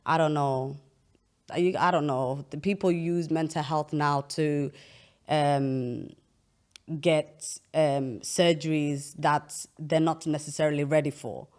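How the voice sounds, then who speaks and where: A woman's voice: sits low, steady tone, takes it slowly, a little mellow. A young woman hosting an interview, explaining at length in an earnest, casual way with frequent restarts. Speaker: podcast host.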